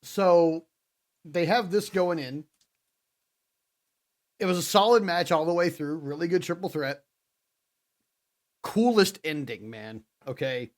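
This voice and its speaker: A man co-hosting a podcast, telling a wrestling recap as an animated storyteller. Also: a little high, takes it slowly, long pauses. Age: adult father. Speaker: podcast co-host. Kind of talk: casual wrestling recap chat.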